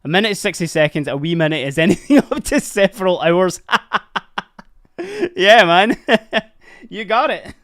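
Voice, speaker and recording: A young man from Dundee, Scotland, with a Dundee accent hosts a livestream while painting miniatures, chatting casually with viewers, laughing often, and dropping Scottish slang. His voice sits high with a fairly bright tone, animated, at a measured pace with long pauses.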